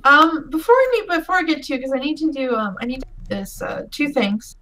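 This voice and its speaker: Woman game master, high voice, descriptive narration, frequent fillers. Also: lively intonation, moderate pace, sharp tone. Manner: descriptive, laughs often, many fillers.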